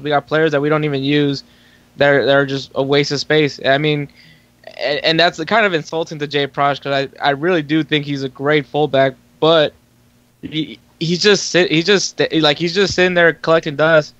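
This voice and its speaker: A male sports talk co-host who rambles and restarts, with a slightly higher voice. The sound is dry, with no room echo. The audio is dull and lo-fi. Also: flat delivery, moderate pace, a bit bright. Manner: rambling, full of restarts and fillers.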